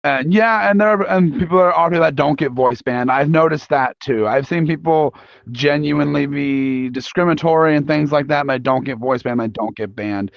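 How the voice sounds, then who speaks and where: Young male panel host, gravelly and a bit high, halting casual talk, dull lo-fi sound. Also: no room sound. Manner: halting, casual, many restarts. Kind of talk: live panel talk polling an audience. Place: convention panel room. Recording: dull lo-fi recording.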